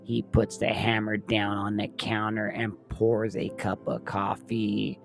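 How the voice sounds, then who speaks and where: A man's voice: fairly low pitch, completely flat delivery, unhurried, vocal fry, music in the background. A man retelling a film's plot scene by scene in plain recap narration.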